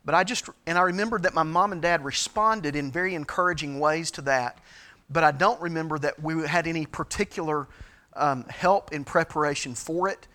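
A middle-aged man as a pastor, giving a sermon-style teaching talk, halting with frequent fillers and restarts. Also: a little high, pushed and bright.

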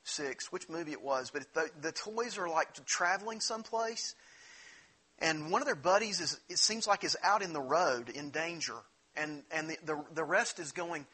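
A man's voice: a little high, normal speed, pushed and bright, husky. A man preaching a sermon in an earnest, conversational way, often restarting his phrases. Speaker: pastor.

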